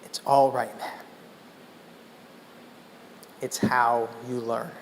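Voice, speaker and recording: A man voicing a wise elderly male mentor who talks in a soft, unhurried, reassuring way. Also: high-pitched, lively intonation, a little hiss or hum. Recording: echoey hall.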